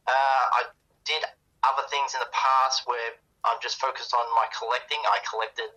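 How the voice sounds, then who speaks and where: A man's voice: medium pitch, fairly even intonation, normal speed, sharp tone, breathy edge, low-quality recording. A man talking as a guest on a podcast in casual chat, in a matter-of-fact, informative way, heard over a remote call.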